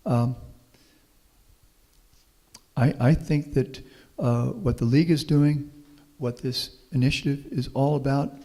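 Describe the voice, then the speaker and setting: Speaking slowly with frequent pauses, this middle-aged professor from Houston, Texas has a warm, medium-pitched voice. He's a guest speaker delivering a folksy public talk full of anecdotes, then fielding questions from the audience, all captured with the long reverb of a meeting hall.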